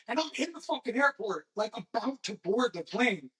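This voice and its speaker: A man's voice: very high voice, animated, unhurried, fairly bright tone. A man, a tattoo artist and podcast guest, telling a story in casual conversation, swearing constantly and getting heated.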